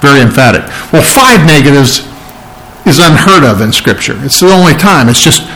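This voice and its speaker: A man's voice: fairly high pitch, sing-song, moderate pace, fairly bright tone, rough recording. A man pastor preaching a sermon, emphatic and repeating words for stress.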